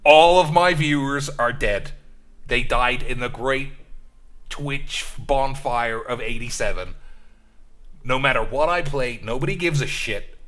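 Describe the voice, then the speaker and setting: A man doing a put-on impression of a whiny, desperate male streamer who begs his viewers for support in a high, strained, pleading voice. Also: animated, a little fast, hardly any pauses, pushed and bright.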